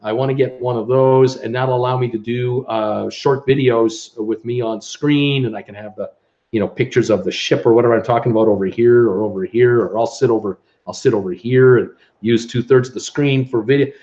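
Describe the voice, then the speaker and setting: Talking a little fast with fairly even intonation, the Ontario streamer welcomes his chat in a chatty, upbeat style loaded with fillers. His mid-range voice has a dark tone, and the home webcam recording cuts off the highs.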